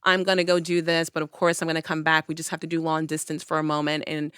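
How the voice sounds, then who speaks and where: A woman's voice: low-pitched, completely flat delivery, fast talker, fairly bright tone, smooth, dry recording, clean studio sound. A young woman on a podcast, chatting casually and telling a personal story, acting out her own past lines with animation. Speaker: podcast host. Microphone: studio podcast mic.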